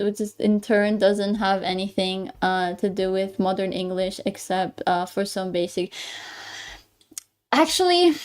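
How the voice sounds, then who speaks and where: A woman's voice: medium pitch, a little mellow. Rambling young woman streamer. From Greece. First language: Greek. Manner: rambling, self-correcting, stammers and laughs often. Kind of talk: casual live-stream chat.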